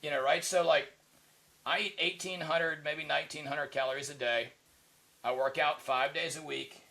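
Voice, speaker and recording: Podcast co-host, male, fairly high gravelly voice, bright and forceful, rambling casual delivery. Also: fairly even intonation, moderate pace. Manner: rambling, lots of "you know, right?" fillers. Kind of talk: casual chat.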